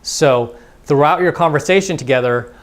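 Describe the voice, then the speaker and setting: A man's voice: on the high side, normal speed. A man giving a casual, conversational dating lesson as a coach, acting out both sides of example conversations. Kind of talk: instructional monologue.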